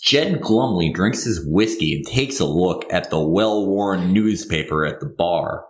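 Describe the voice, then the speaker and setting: A man reading his own screenplay aloud in a comedy bit, halting and rambling when he is interrupted. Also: deep voice, expressive.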